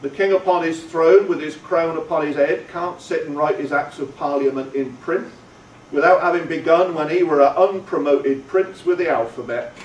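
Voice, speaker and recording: A man voicing a kindly, simple village blacksmith who speaks in a slow, drawling country way. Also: fairly high pitch, highs cut off, slight background noise, close to an everyday voice. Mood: earnest, kindly. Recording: roomy, distant, faint ambience.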